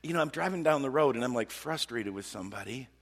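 Preacher, male, husky voice, lively and repetitive delivery, heard with a long reverb. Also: medium pitch, fast. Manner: animated, repeats words, swings from loud to hushed. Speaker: pastor. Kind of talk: sermon.

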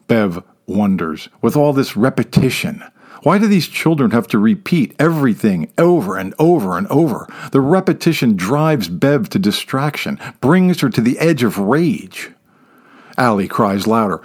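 A man reading a story aloud as narrator, in a measured delivery that sometimes drops to a whisper for dark asides. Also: lowish voice, lively intonation. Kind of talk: scripted narration.

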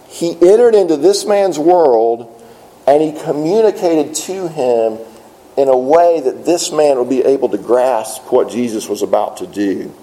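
Male pastor mid-sermon, mellow tone, plainspoken and earnest, leans on "uh" fillers. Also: fairly high pitch, a little slow, poor audio. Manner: earnest, plainspoken with frequent "uh" fillers and repeated words.

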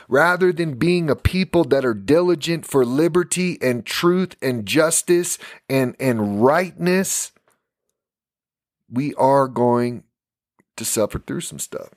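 A man's voice: fairly high pitch, dry recording. Earnest middle-aged man, dry sound. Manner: earnest, laughing between stories. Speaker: podcast host. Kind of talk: impassioned monologue.

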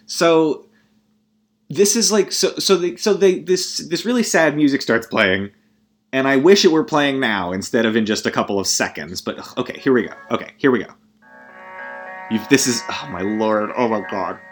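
A man's voice: mid-range voice, normal speed, soft background music. A man ranting casually about a movie, rambling and profane, with sarcastic laughing asides. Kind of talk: casual comedic movie rant.

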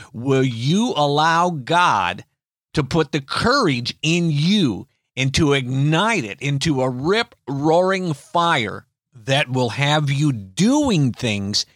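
A man's voice: on the high side, no echo, studio quality. An older man preaching an encouraging sermon, chuckling often and stretching words out for emphasis. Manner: lively, chuckling, drawn-out emphasis. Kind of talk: inspirational sermon.

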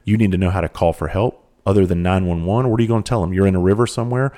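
A middle-aged man talks in a loose, unscripted monologue. His voice sits very low, and his manner is blunt and plainspoken, with frequent swearing. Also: fairly even intonation, racing, warm tone. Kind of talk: casual monologue.

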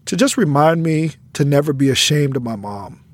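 A man's voice: fairly high pitch, lively intonation, normal speed. A middle-aged man hosting a podcast, telling a personal story in an earnest, reflective way that turns emotional. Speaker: podcast host, educator.

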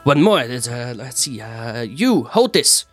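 A man's voice: mid-range voice, very animated, measured pace, soft background music. A man voicing a nervous, fidgety woman performer who stammers through her words. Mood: flustered. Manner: stammering, flustered.

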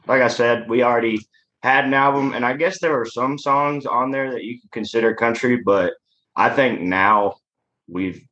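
A man's voice: mid-range voice, moderate pace, sharp tone, highs cut off, slight background noise. A man, a musician guest talking casually in a laid-back, rambling way. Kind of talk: casual interview chat.

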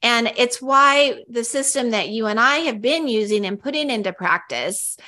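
A woman's voice: on the high side, normal speed, pushed and bright. A woman co-hosting a casual podcast, talking in a chatty, upbeat way with frequent fillers and restarts. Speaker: podcast co-host.

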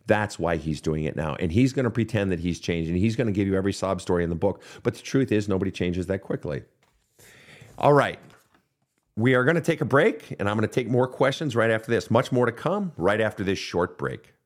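A man's voice: on the low side, expressive, fairly quick. A man hosting a counseling podcast, answering listener questions in a blunt, profane, direct manner. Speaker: counselor and show host.

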